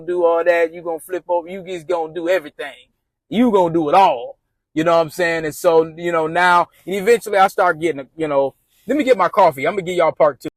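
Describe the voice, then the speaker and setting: High-voiced man telling a rambling storytime. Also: steady tone, fast talker, dry recording. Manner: slangy, rambling, acts out friends' quotes. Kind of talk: casual storytime monologue.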